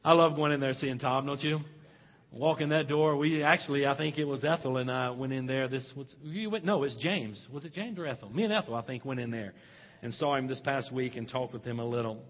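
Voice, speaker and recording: A man's voice: medium pitch, brisk, big-room sound, lo-fi sound. A male pastor preaching a sermon, stressing points and putting questions to his congregation.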